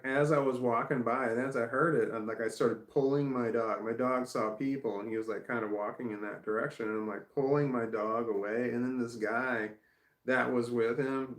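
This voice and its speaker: A man with a gravelly, low-middle voice talks straight to his camera at home in a loose, rambling vlog monologue. He circles back and repeats himself, and swears when something annoys him. The room around him is echoey. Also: fairly even intonation, moderate pace. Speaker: vlogger.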